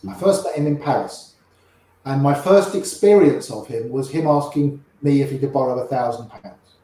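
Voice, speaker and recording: An older guest storyteller chats his way through anecdotes, playing the voices of the people he quotes. He speaks at a normal speed in a mid-range voice with a dark tone, in a very echoey room.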